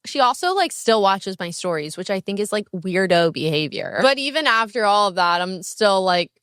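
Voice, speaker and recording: A young woman hosts her own podcast, chatting in a brash, candid and profane way, her pitch swinging up and down as she tells a story. Her voice is smooth and full, and it is recorded close and dry, with no room sound. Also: big pitch swings, fairly quick, hardly any pauses, a bit bright, no echo. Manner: swinging pitch and bursts of speed. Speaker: podcast host. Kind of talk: casual solo podcast chat.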